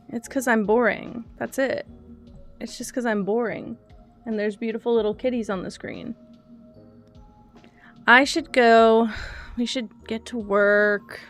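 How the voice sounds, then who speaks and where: A young woman on a livestream chats casually with her cats and her viewers, speaking softly and laughing easily. Her voice sits a little high.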